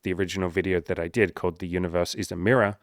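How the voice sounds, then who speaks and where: A man's voice: deep voice, fairly even intonation, very fast, no echo, clean studio sound. Earnest, swearing male life coach. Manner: earnest, swears often, acts out quoted voices. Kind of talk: casual talking-to-camera advice.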